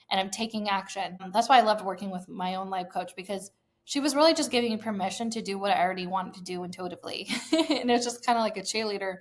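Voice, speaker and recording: A woman in her thirties hosting a podcast, telling her personal story in an enthusiastic, heartfelt way with casual fillers. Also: mid-range voice. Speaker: podcast host.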